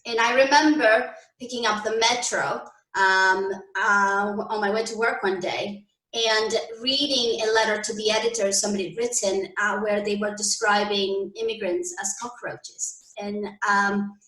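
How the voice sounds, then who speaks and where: A woman's voice: mid-range voice, fairly even intonation, measured pace, bright, forceful tone, recorded from a distance. A young woman from Canada, speaking as a guest in an interview, thoughtful and hesitant, with fillers and restarts. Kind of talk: conversational interview. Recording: echoey room, a bit off-mic.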